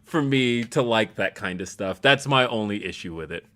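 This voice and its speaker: A man co-hosting a casual wrestling talk show, animated and laughing often as he gets worked up. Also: normal speed, clean tone. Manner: animated, laughs a lot, jumps high in pitch when excited. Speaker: co-host.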